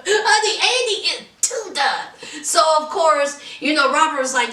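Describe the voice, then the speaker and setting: A woman's voice: high-pitched, animated, moderate pace, sharp tone. A woman giving a sassy, dramatic, teasing recap of a reality TV episode in casual commentary. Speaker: reality TV reviewer. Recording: roomy echo, distant from mic.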